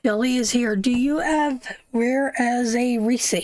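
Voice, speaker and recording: Her voice is a little high and darkish in tone, and she speaks slowly with few pauses, with no echo in the recording. She's hosting a live tarot reading, lovingly calling viewers sweetheart and my darling, and stressing her points by repeating them again and again.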